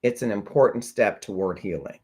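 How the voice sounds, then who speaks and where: A man's voice: fairly low pitch, fairly quick, darkish tone, slightly rough. A man hosting a talk show, speaking earnestly and reflectively to his viewers and checking in with them. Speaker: host of a talk show on grief. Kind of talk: heartfelt livestream talk to viewers.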